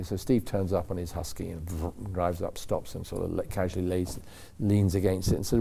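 A man's voice: sits low, flat delivery, moderate pace, gravelly, few pauses, dark tone. An older man, a racing driver guest on a club talk show, telling long anecdotes in a rambling, self-correcting way and acting out the voices of the people he quotes. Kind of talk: anecdotal storytelling.

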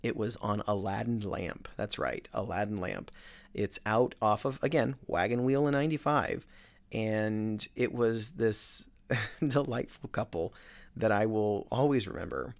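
A middle-aged man, a real estate agent, telling a story in a casual, animated, self-mocking way. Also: on the low side, unhurried, vocal fry. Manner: animated, self-mocking, with many fillers and restarts.

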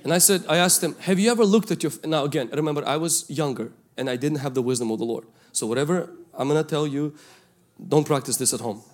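A male pastor, preaching a sermon and telling a story from his youth, swinging between loud calls and hushed asides. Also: on the high side, quick pace. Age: 20s at the time of the story, now older.

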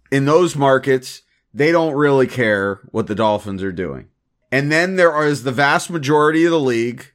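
Opinionated male sports podcast co-host. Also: medium pitch. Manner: opinionated, measured, with frequent restarts. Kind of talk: casual sports podcast chat.

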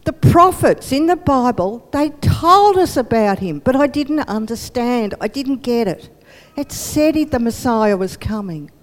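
Woman playing an earnest grown man Paul, excited and pleading, slow delivery, long reverb. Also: on the high side.

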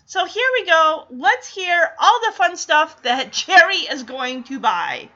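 A woman's voice: very high-pitched, expressive, unhurried, sharp tone, dull audio. A woman giving casual, wry reaction commentary, chatty and acting out characters' lines as she recaps. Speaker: reaction video host.

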